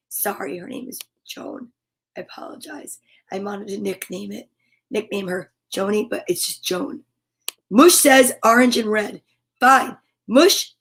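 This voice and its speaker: A woman's voice: on the high side, fairly bright tone. A woman hosting a storytime livestream for children, bubbly and sing-song, chatting to viewers and reading their comments aloud.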